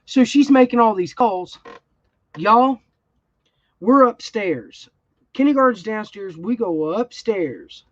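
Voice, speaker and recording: A woman's voice: mid-range voice, animated, takes it slowly, long pauses, no room sound. A woman, telling a story in a blunt, heated way during a casual livestream chat. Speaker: crafting channel host. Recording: dull, slightly lo-fi sound.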